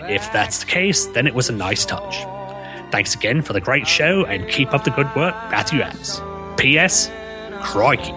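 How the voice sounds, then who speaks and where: A man's voice: mid-range voice, very animated, moderate pace, over music, pitched above the performer's own voice, close to an everyday voice. Man putting on a mock Australian accent. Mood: hammy. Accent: put-on Australian. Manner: hammy, keeps breaking into laughter.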